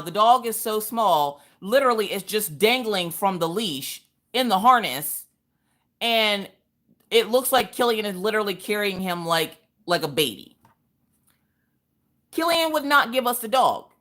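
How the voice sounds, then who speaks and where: A woman's voice: mid-range voice, bright, forceful tone. Sassy woman livestreaming crafts, chatty and blunt, voice swooping up and down a lot. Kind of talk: casual storytelling chat.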